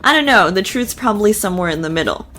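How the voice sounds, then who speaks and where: A woman's voice: mid-range voice, animated, fast, a bit bright, soft background music. A woman hosting a reality TV recap, talking casually and giving her opinions with lots of filler words.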